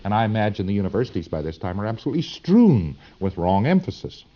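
A man's voice: on the low side, sing-song, fast, lo-fi sound. A man giving a lecture to students in a folksy, emphatic, digressive way.

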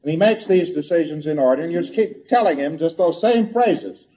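Man lecturing in a mellow voice. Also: a little high, a little fast. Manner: chatty, humorous storytelling. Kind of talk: lecture with anecdotes. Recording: dull lo-fi recording.

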